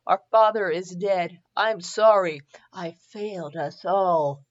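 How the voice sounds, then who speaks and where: A woman putting on a grieving young prince, man's lines read low and hushed, solemn and heavy. the sound is a little muffled, like a home mic. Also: takes it slowly. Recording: slightly muffled home recording.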